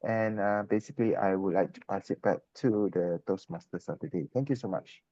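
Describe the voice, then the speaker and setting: A man delivers evaluation feedback at a club meeting, hesitating and filling pauses as he talks. His voice is low and mellow. The sound is dull and lo-fi, with a dry, close feel. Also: dry recording. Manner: hesitant, filler-heavy delivery.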